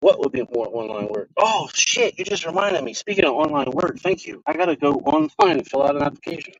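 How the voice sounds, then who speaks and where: A man vlogging from his car, telling a casual, profane story in an animated way. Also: fairly high pitch, fairly quick, no echo. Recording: dry, slightly dull sound.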